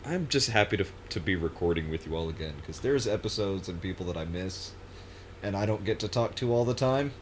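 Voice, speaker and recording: A man hosting a podcast in casual chat with friends, laughing often and breaking into loud bursts of protest. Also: low voice, animated, fairly quick, a little hiss or hum. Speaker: podcast host.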